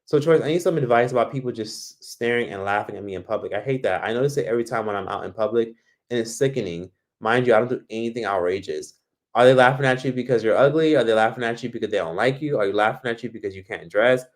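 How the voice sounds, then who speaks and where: Fast-talking and medium-pitched, a Miami livestream host from the United States reads through comments and gives blunt, profane advice in a casual style.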